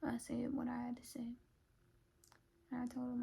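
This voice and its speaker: A woman's voice: on the high side, monotone, moderate pace, creaky, pauses often, warm tone. A young woman vlogger telling a personal story in a chatty way, full of fillers and often dropping to a half-whisper. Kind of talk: casual storytime vlog.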